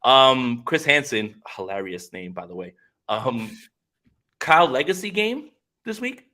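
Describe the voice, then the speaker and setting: A man co-hosting a live-stream sports podcast in a relaxed chat. He keeps turning to the audience with upbeat energy. His voice sounds bright and forceful at a middle pitch. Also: unhurried. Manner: upbeat, keeps addressing viewers directly. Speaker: podcast co-host.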